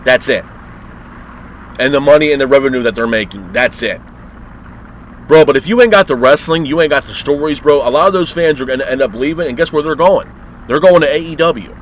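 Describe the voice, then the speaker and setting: A man's voice: medium pitch, brisk, slight background noise, low-quality recording. A man hosting a wrestling review show, ranting in a heated, exasperated way and swearing constantly.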